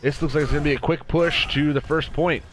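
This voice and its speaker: A man casting a community video game match in a relaxed, casual way. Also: on the high side, fast talker, crowd noise. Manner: laid-back, chuckles often. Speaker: esports caster.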